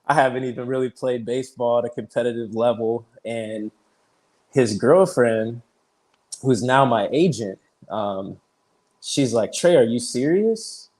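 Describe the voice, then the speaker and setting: A man in his thirties, a pitcher guest on an interview show, telling his story casually, peppered with "like" and easy laughs. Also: unhurried. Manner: chatty, fills speech with "like", retells conversations; laughs easily while telling stories.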